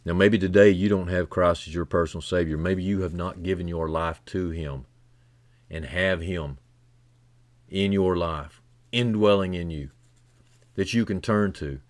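A man preaching a sermon who builds from quiet, low passages to loud, fervent climaxes and repeats key phrases for emphasis. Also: unhurried, no room sound.

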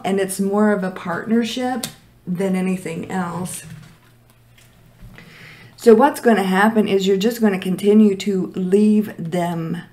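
A woman's voice: mid-range voice, a little mellow. A woman doing a casual tarot reading who is losing her voice, direct, blunt and emphatic. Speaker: tarot reader. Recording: echoey room.

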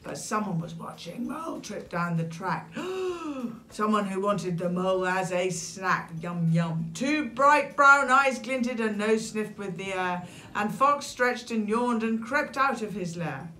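An older British woman reads a rhyming children's story aloud with animated expression and dramatic gasps. Her voice sits at a middle pitch and the room gives a noticeable echo. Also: measured pace, a little hiss or hum. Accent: British English. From England. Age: 60s. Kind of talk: reading a rhyming picture book aloud. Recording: echoey room.

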